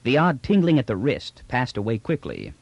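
A man narrating an audiobook in measured storytelling fashion. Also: medium pitch, huge pitch swings, creaky, darkish tone, no room sound, highs cut off. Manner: measured storytelling voicing each character.

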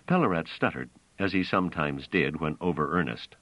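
A man narrating a science fiction audiobook in an expressive storytelling manner. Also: very deep voice, brisk, no echo. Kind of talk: scripted narration. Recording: dull, dry audio.

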